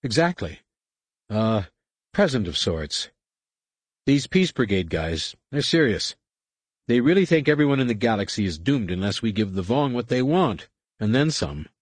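A man voicing a nervous, talkative young male pilot held captive, speaking in an eager, hurried way. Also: mid-range voice, big pitch swings, dry recording, pitched above the performer's own voice.

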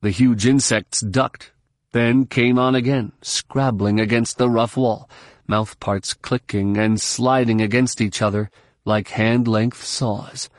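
A male narrator reads an action audiobook in a measured, steady way, with a pitch in the middle range for a man. The sound is dry and close, with no room echo. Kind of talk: scripted narration.

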